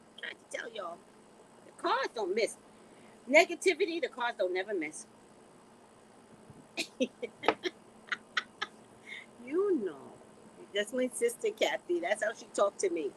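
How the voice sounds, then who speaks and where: A woman's voice: mid-range voice, a little hiss or hum, rough recording. A woman chatting to her channel in a blunt, sassy way, leaning on "you know" between thoughts. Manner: animated, drawn-out, repeats "you know". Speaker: vlogger. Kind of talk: casual chat to camera.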